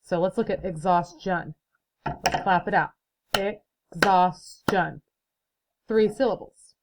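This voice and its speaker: A woman's voice: lowish voice, normal speed, background noise. A young woman teacher giving a recorded phonics lesson to children, explaining patiently and clapping out syllables.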